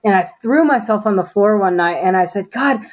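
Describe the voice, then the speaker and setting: Woman, interview guest, earnest faith testimony, mid-pitched, chatty with fillers. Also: fairly quick, a little mellow. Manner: earnest, conversational, many fillers.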